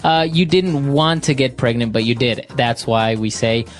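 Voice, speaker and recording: A man's voice: medium pitch, normal speed, faint music behind. A man co-hosting an English lesson in an easygoing way, leading each segment. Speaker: English teacher.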